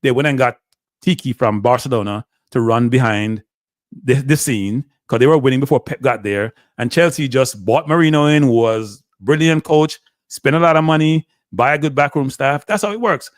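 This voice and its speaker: A man hosting a casual football talk show, asking animated rhetorical questions and talking with Jamaican-tinged phrasing. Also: medium pitch, moderate pace, no echo, studio quality. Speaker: show host.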